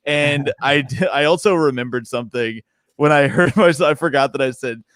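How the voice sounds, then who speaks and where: A young man, a stand-up comedian, chatting casually on a podcast, animated and laughing often. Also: mid-range voice, moderate pace, no echo, clean studio sound.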